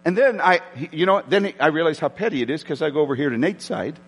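A man's voice: a little high, lively intonation, quick pace, breathy edge, long reverb tail. A man preaching a sermon as pastor in a church, telling self-mocking stories with many stumbles and restarts. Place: church hall.

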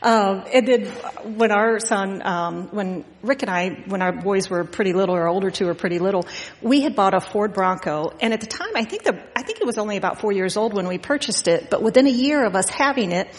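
A middle-aged woman preaches a relaxed, conversational sermon, rambling into homey anecdotes with plenty of ums. Her mid-pitched voice carries through a church sanctuary with a long, lingering reverb. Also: fairly quick. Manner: chatty and storytelling, frequent fillers and laughs. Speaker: guest preacher. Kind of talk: informal Father's Day sermon.

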